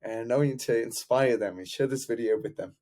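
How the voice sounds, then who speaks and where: A man's voice: medium pitch, fairly quick, darkish tone. A man speaking as a love coach, giving an earnest, heartfelt motivational talk to camera and repeating key words.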